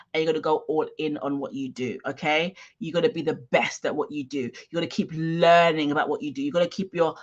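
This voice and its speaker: A woman's voice: low voice, fairly bright tone. Woman business coach, livestream talk, punchy, keeps asking the audience "okay?", slightly muffled sound. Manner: emphatic, repeats "okay?" to the audience.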